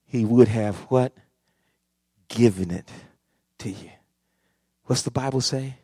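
A male pastor preaching a sermon, swinging from quiet talk to shouting and calling out to the congregation. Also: mid-range voice, slow pace, slightly rough. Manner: repeats phrases, calls out to congregation.

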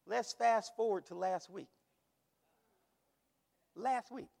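A man preaching a sermon, telling a story and rising into shouted praise. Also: high voice, slow, creaky, long reverb tail. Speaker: pastor. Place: church sanctuary.

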